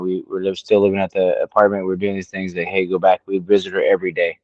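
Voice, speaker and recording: A man in his late thirties tells a story on a casual podcast. His voice sits low, he swears freely, and he acts out what others said. The recording is dry and a bit dull. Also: dry recording. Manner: profane, storytelling, animated quoting. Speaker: podcast co-host.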